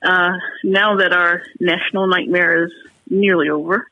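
A woman calling in to a talk radio show, talking in halting, emotional, frustrated bursts with many restarts. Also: lowish voice, fairly even intonation. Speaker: caller. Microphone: telephone. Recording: tinny phone line.

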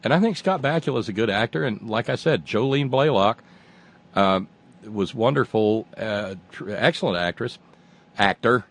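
A man's voice: lowish voice, moderate pace. A man hosting a radio talk show, chatting casually and reading listener emails in a wry, rambling way.

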